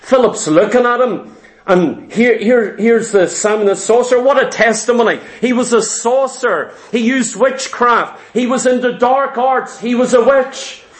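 A man's voice: very high-pitched, moderate pace. A man preaching a sermon, emphatic and fervent, retelling scripture with vivid asides.

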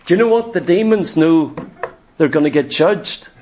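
A man preaching with a notably high voice. He drives his points home with emphasis and slips into dramatic voices for the figures he quotes. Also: expressive, moderate pace, darkish tone, a little hiss or hum. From Ireland. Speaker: pastor. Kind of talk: sermon.

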